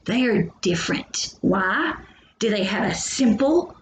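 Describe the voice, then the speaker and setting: A woman's voice: medium pitch, lively intonation, measured pace. A woman teaching a biology lesson in a chatty, joking way, talking straight to her students. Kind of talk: recorded lecture. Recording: echoey room, faint hum.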